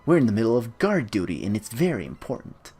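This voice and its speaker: A man's voice: medium pitch, sing-song, fast talker, mellow, slight background noise, pitched above the performer's own voice, close to an everyday voice. A man reading as a rude young gang guard. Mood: snippy.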